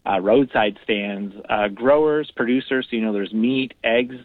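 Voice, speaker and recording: A man's voice: mid-range voice, measured pace, dry recording. A man, a guest on a radio interview, explaining things in an upbeat way with many fillers. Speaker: guest from a regional tourism program. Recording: phone line.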